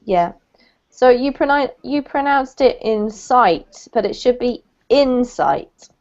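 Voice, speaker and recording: A woman's voice: fairly high pitch, lively intonation, takes it slowly, darkish tone. A woman teacher giving patient, encouraging pronunciation feedback to a student in an online English lesson. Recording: dull lo-fi call audio.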